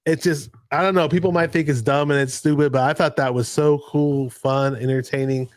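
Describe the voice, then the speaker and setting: A man's voice: a little high, steady tone, brisk, no room sound. A man hosting a casual late-night livestream, rambling and jumping from story to story. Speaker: livestream host. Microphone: home streaming mic.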